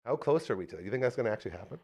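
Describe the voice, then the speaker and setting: A man's voice: medium pitch, expressive, racing, a little mellow. A man hosting a podcast, chatting casually and joking with a guest in a small studio. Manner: joking, playful, laughs often. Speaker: podcast host. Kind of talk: casual chat.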